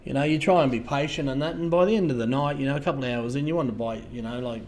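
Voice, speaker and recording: An Australian man hosting a casual livestream, talking to viewers in a halting way, repeating words and trailing off softly. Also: mid-range voice, slight background noise. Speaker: livestream host.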